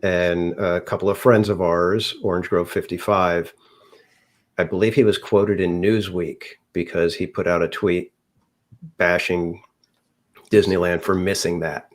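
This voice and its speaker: A man's voice: sits low, little pitch movement, unhurried. A man co-hosting a casual podcast chat, rambling and hedging with lots of restarts. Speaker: podcast co-host.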